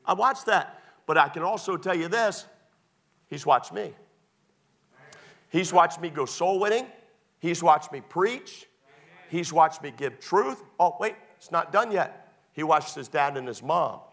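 A middle-aged male pastor preaching a sermon, animated and emphatic at times, folksy and humorous when he tells stories. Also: on the high side, measured pace, long pauses.

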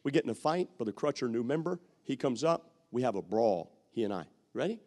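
A man preaching a sermon, bantering with the congregation, repeating phrases for emphasis and sometimes shouting. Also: mid-range voice, very animated, fairly quick.

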